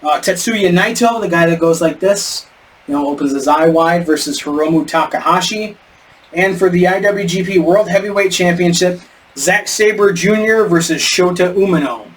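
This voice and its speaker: Guy cohosting a wrestling podcast, kinda high voice, rambly, trips over names, sounds a bit far off w/ faint hiss. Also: normal speed. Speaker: podcast co-host. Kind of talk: casual wrestling podcast chat. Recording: distant mic with faint background noise.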